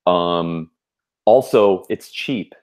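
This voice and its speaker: This young adult podcast co-host has a low, darkish voice with a clear, resonant tone, and he draws out his words. He chats casually and rambles, full of fillers and restarts.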